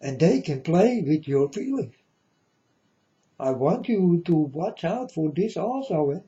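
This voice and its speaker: Addressing his audience as "folks," a man gives an earnest, repetitive, rambling warning. He speaks at a measured pace in a fairly high, warm voice with big pitch swings, though the recording sounds muffled.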